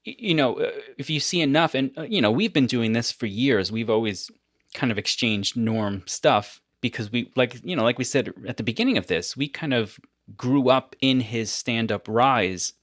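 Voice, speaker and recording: A man hosting a podcast in casual chat, telling stories with animated energy and frequent laughter. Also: mid-range voice, normal speed, no echo, studio quality. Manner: animated storyteller, laughs often. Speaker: podcast host.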